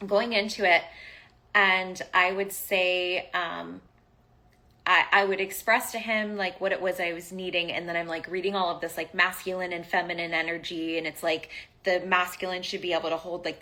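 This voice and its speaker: Podcast host, woman in her forties, bright and slightly low, candid storyteller. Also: normal speed. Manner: candid, animated, swears casually. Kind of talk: personal storytelling.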